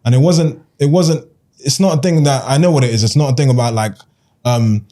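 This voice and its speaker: A man on a podcast, telling stories in rapid slangy chat and tagging lines with "bruv". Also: mid-range voice, warm tone. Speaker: podcast guest.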